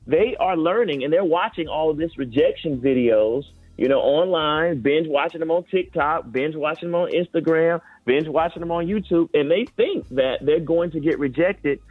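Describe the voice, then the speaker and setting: A man's voice: fairly high pitch, normal speed, hardly any pauses, dry recording. A man speaking as a guest doctor on a radio morning show, giving earnest, explanatory advice about kids and screens. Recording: phone-line sound, dry.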